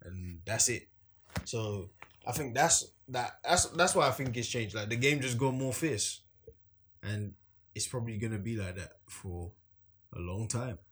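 A man's voice: medium pitch, expressive, a little slow, a bit bright, slight background noise. A man talking casually on a podcast, rambling through his points with lots of fillers. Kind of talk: casual chat.

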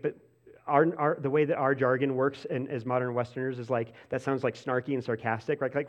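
The recording sounds dull as a pastor with a mid-range voice preaches at a quick pace. His sermon is casual, riddled with "like" and restarts, and shifts between animated energy and hushed softness.

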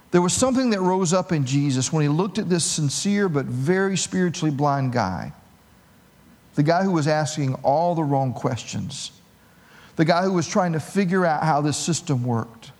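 A man's voice: a little high, darkish tone. A male pastor preaching a sermon, telling the story with humor. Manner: storytelling, humorous, acts out voices.

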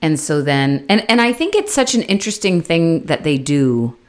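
A woman's voice: deep voice, moderate pace. Chatty woman recapping a show. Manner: animated storytelling with acted-out quotes and swearing. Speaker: podcast co-host. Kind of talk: casual chat recapping a TV show.

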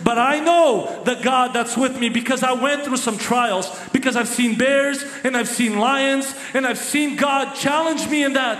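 A defiant young shepherd hero speaks up high and emphatic, as a male preacher acts him out. He sounds unshaken and sure, and the voice rings with long reverb through a large hall. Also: a little slow, few pauses, a bit bright.

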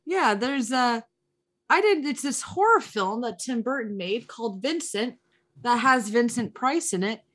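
Woman, casual chat, rambling, gushing, lots of fillers, high voice. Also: lively intonation, measured pace, a bit bright. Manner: rambling, full of likes and uhs, gushing. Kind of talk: casual chat, retelling a movie plot.

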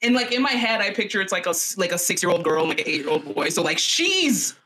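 Bright-voiced, animated young woman storyteller. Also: medium pitch, fast talker. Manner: animated, profane, chatty. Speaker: podcast host. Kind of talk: comedic storytelling.

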